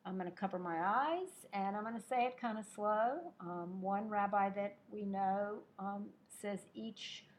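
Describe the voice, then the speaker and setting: A woman leading a live-streamed prayer service, speaking gently and slowly with many fillers, a modest singing voice and a distant mic. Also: mid-range voice. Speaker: lay service leader.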